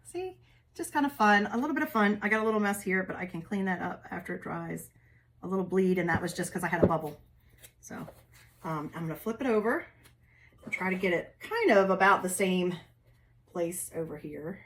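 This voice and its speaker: A woman's voice: on the low side, lively intonation, brisk, slight background noise. A woman hosts a casual craft tutorial. She talks to her viewers in a chatty, folksy way. She keeps working with her hands as she goes. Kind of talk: casual step-by-step craft demo.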